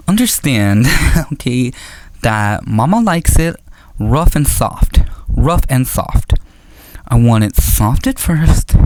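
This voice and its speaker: A woman's voice: a bass voice, dry recording. A woman doing a stand-up comedy set, rambling with lots of "like" and "you know" and laughing at her own jokes. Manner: animated, swooping delivery with acted-out quotes.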